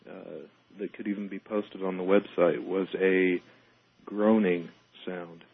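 A man talking as a paranormal investigator on a radio show, explaining calmly and in measured terms. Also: low voice, gravelly, husky, phone-quality sound. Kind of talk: casual radio talk.

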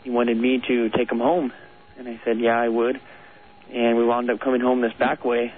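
Man, radio caller, mid pitch, earnest, rambling, nervous laughs, tinny phone line. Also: completely flat delivery, moderate pace. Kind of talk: telling a ghost story on a phone-in.

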